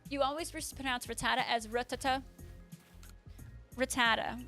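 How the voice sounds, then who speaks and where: A woman's voice: sits high, moderate pace, fairly bright tone, soft background music. A woman hosting a live stream, chatting casually with viewers, laughing often and answering them by name. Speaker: livestream host.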